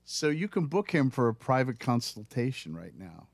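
A man's voice: mid-range voice, very animated, moderate pace, no echo. A man co-hosting a casual podcast chat, telling little stories and reading out facts. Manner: chatty, storytelling, reading figures aloud. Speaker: podcast co-host.

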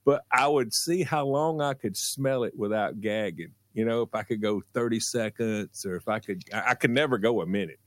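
A man telling a childhood story on a radio show, drawing out words and doing high voices for the people he quotes. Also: normal speed, few pauses, no echo. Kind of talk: casual storytelling.

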